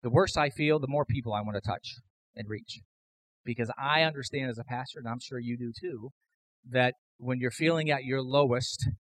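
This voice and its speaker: A man preaching a sermon as pastor, emphatic, building to loud repeated declarations. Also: medium pitch, no room sound, poor audio.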